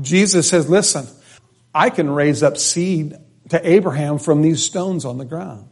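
A male preacher working through scripture at a slow, deliberate pace, his voice sitting a little high. He reads a passage aloud, then leans on key words and repeats them for emphasis. He thinks aloud as he goes, with restarts and quick asides. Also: darkish tone. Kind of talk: expository sermon.

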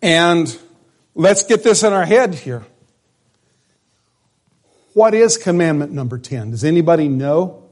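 A man's voice: on the high side, expressive, unhurried, pauses often, a little mellow. A male pastor preaching a conversational sermon in a church, asking the congregation questions as he goes. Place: church sanctuary.

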